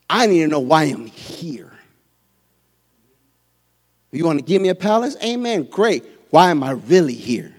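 A male preacher giving a fervent sermon, swinging from quiet asides to shouted peaks. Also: on the high side, in a large hall.

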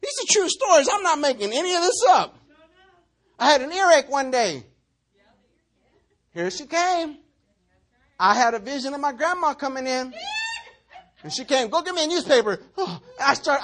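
A man preaching a sermon, telling stories with big swings between shouting and hushed asides. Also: very high-pitched, moderate pace, pauses often. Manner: animated storytelling, swinging between shouts and near-whispers. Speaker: pastor.

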